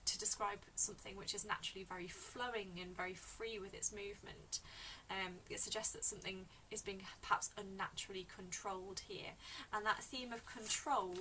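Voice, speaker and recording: A woman teacher analysing a poem in a lesson, explaining slowly and repeating key words. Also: medium pitch, pushed and bright, distant mic, slight background noise, low-quality recording. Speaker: English teacher.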